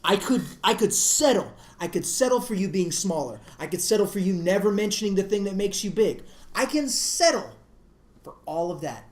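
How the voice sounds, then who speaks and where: A woman co-hosting a casual podcast, ranting with animated energy into her mic. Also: mid-range voice, fairly quick. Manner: animated, ranting, laughing between lines. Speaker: podcast co-host. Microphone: studio mic. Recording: echoey room.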